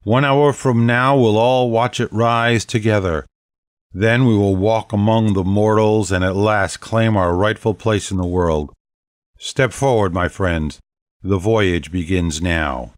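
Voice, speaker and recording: A commanding ancient vampire queen speaks in a bold, stately, proclaiming way, as a male audiobook narrator puts her on. The voice is fairly low and sits in a very dry, close recording. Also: lively intonation, normal speed, no echo, lightly acted. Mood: regal. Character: regal ancient female vampire leader, commanding. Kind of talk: audiobook character voice.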